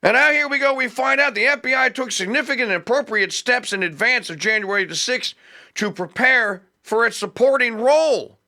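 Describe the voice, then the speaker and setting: Male talk radio host, fired-up and sarcastic, lively swooping pitch, bright tense voice. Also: moderate pace. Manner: fired-up, sarcastic, laughs at his own points. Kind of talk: opinionated talk radio commentary.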